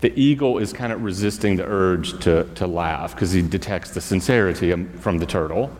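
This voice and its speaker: A man who is a school chaplain, telling a folk tale in a relaxed, conversational sermon with fillers and asides to the congregation. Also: low-pitched, moderate pace, few pauses. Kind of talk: storytelling sermon. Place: church. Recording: church hall reverb.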